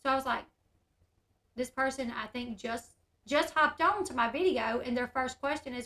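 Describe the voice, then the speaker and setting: A woman's voice: high voice, normal speed, a bit bright, roomy sound. A woman chatting candidly on a livestream, reading comments aloud as she does her hair. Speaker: YouTube host. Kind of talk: casual livestream chat. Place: room at home.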